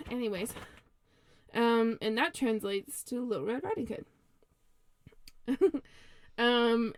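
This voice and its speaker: Young woman, podcast co-host, gravelly fry, chatty and giggly, dry close sound. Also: fairly high pitch, darkish tone, no room sound. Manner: giggly, chatty, lots of ums. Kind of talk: casual storytelling chat.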